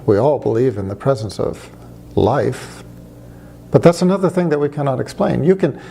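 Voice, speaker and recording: Mellow man posing questions. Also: medium pitch, gravelly, slight background noise. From United States. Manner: rhetorical questions, wry storytelling. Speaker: speaker on religion. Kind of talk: conversational argument to camera.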